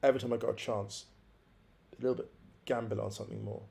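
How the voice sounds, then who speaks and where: Low gravelly man, musing reflectively. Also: flat delivery, fast, dark tone. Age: around forty. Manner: musing, repeats phrases for emphasis. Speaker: guest. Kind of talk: reflective conversational storytelling.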